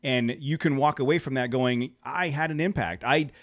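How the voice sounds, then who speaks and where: A man's voice: medium pitch, normal speed. Earnest man podcast host. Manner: earnest, stumbling restarts. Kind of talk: casual interview chat.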